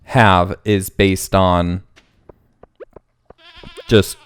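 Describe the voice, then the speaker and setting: A man's voice: low-pitched, steady tone, very slow, clean tone. A man hosting a casual let's play, rambling and thinking aloud as he plays. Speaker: gaming channel host.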